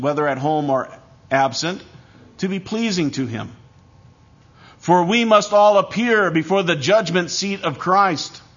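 Male pastor preaching, emphatic and measured, a bit high-pitched, on a muffled lo-fi recording. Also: fairly bright tone. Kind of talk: sermon. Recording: dull lo-fi recording.

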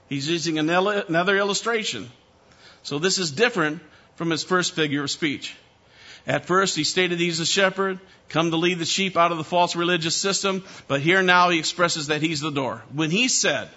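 A man preaches an expository sermon with an emphatic, direct manner, calling out to his listeners. His voice sits high and sounds bright and forceful. The recording is a little dull and lo-fi. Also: normal speed. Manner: emphatic, addresses listeners as beloved, asks for amens.

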